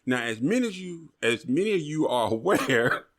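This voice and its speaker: A man hosting a podcast, opening the episode in a measured, earnest way. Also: fairly high pitch, very animated, a loud crowd. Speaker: podcast host.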